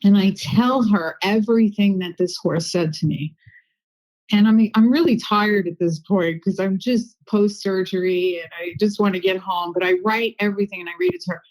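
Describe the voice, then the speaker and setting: A woman guest on a podcast, telling a personal story in a chatty, animated way with lots of asides. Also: mid-range voice, moderate pace, low-quality recording. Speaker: guest medium and intuitive healer. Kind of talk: casual interview storytelling.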